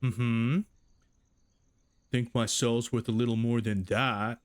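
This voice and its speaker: A man voicing an excitable young male football player in a loud, high jock voice. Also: slow pace, no room sound, close to an everyday voice. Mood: excited.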